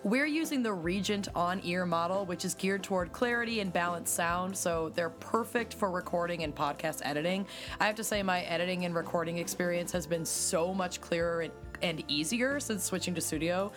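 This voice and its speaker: A woman in her thirties co-hosting a podcast from a room at home, animated and self-mocking, tired and a bit loopy. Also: fairly low pitch, a little fast, faint music behind. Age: 30s. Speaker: podcast co-host. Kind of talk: casual chat. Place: home room used as a studio.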